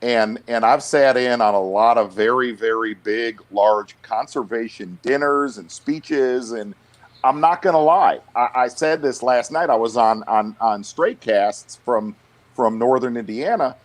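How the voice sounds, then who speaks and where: A man's voice: medium pitch, measured pace. A middle-aged man, talking bluntly on a casual podcast, stammering and restarting as he goes. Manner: blunt, animated, lots of restarts and stammered repeats. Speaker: guest.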